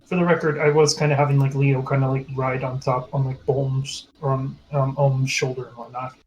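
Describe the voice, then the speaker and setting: A man's voice: medium pitch, level tone, brisk, a little mellow, a little hiss or hum, poor audio. A man playing a tabletop game who talks hesitantly, with many fillers and restarts. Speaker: player. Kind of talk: casual tabletop play.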